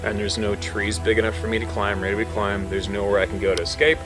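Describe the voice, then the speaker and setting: Animated, swearing male storyteller over music. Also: fairly low pitch, quick pace. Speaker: hunting guide. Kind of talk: casual storytelling.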